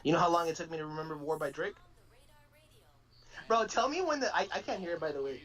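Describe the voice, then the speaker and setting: A young man co-hosting a live-streamed chat, excitable and profane, stumbling over his words as he rushes ahead. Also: on the high side, poor audio. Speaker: podcast co-host.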